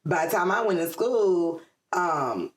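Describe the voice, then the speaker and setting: A woman's voice: lowish voice, expressive, slow pace, reverberant. A middle-aged woman from the Atlanta area, chatting as a guest in an interview, with lots of ums and frequent laughs. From Atlanta area, USA. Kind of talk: casual interview chat.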